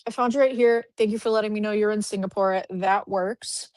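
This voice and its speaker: This recruiter's live stream features a woman with a steady, mid-range, slightly mellow voice who talks briskly with hardly any pauses, and no room sound. Working from her home office with a dog nearby, she stays chatty and upbeat, thinking aloud while clicking through profiles.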